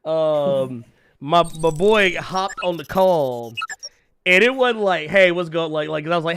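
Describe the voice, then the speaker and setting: Male co-host, AAVE, smooth and resonant, very animated, laughing banter. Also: a little high, normal speed, pauses often. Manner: laughs often, animated, slangy. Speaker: podcast co-host reading super chats. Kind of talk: casual comedic banter.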